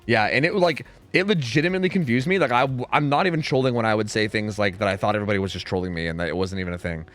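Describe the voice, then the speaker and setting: A man's voice: lowish voice, racing, faint music behind. A man in his thirties with a Pennsylvania accent, chatting casually and rambling through stories while streaming a game, swearing often. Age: 30s. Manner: rambling, swears a lot, animated storytelling. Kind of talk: casual gaming stream chat.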